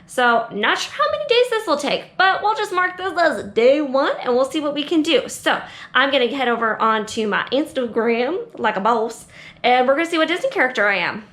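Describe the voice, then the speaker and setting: A woman's voice: sits high, animated, brisk, fairly bright tone. A young adult woman hosting an art channel, chatting playfully to kids in a bubbly, jokey way. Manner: bubbly, jokey, talks to herself. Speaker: art teacher and channel host. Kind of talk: playful casual vlog talk to kids.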